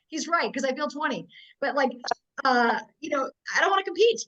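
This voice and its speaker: High-pitched woman in her forties, blunt tough-love sales trainer, muffled video-call sound. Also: lively intonation, fast talker, fairly bright tone. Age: 40s. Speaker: network marketing trainer. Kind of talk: motivational business training.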